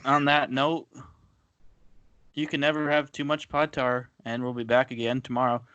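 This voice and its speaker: A man's voice: medium pitch, monotone, normal speed, sharp tone, no room sound, lo-fi sound. Joking man on a casual podcast. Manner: loose, joking, swears lightly. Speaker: podcast co-host. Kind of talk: casual chat.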